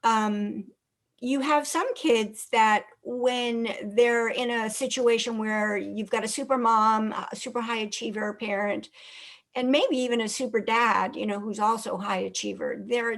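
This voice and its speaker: Halting woman host, fairly high voice. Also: steady tone. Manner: halting, circling questions with many restarts. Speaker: host, interviewer. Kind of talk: casual interview questions.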